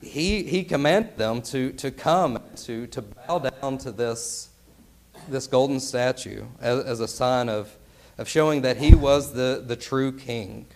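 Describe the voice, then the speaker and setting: A man's voice: mid-range voice, takes it slowly, darkish tone. A man preaching a sermon in an earnest, emphatic way, often turning to his listeners with rhetorical questions.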